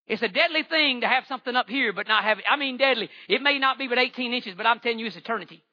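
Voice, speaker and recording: A man's voice: very high voice, very fast, sharp tone, dull audio. A man, giving a fervent church testimony with repeated phrases and stammering restarts. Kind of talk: impassioned testimony sermon.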